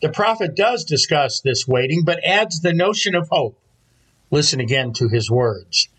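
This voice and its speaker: A man, a pastor, preaching a Sunday sermon, opening with a prayer and telling stories in a calm, steady way. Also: on the high side, normal speed, slightly rough, rough recording.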